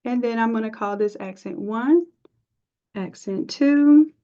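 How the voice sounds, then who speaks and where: A woman teaching a live software design class, chatty and encouraging, thinking aloud as she works. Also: on the high side, unhurried. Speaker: design instructor. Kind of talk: live screen-share tutorial. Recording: dull lo-fi stream audio.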